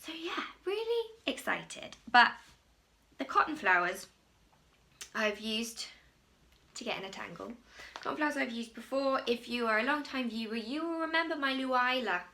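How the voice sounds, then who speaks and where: A woman from England chats casually to camera about her crochet projects. She rambles and pokes fun at herself. Her voice has a gravelly edge and a bright, forward tone. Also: a little high, moderate pace, long pauses. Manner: chatty, rambling, self-mocking. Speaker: crochet podcast host.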